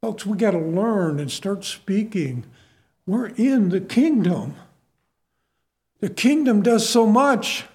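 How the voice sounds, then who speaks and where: High-voiced, slow-preaching pastor. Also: male voice, animated, a little mellow. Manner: folksy, repeats key phrases for emphasis. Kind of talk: sermon.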